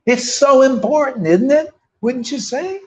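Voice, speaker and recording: Male preacher: emphatic, casual and rhetorical. High voice, dull lo-fi sound. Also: expressive, a little slow, darkish tone. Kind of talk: sermon. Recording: dull lo-fi recording.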